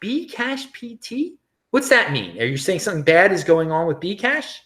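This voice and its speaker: A middle-aged American man hosting a casual livestream, reading viewer comments in an animated, chatty way with frequent laughs and restarts. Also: a little high, fairly quick. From United States. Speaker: crypto livestream host.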